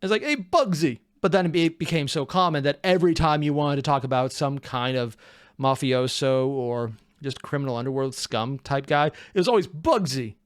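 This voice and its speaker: Guy reacting to a cartoon, casual wry asides, dry room, average pitch. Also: moderate pace, smooth, dry recording. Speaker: reaction video host.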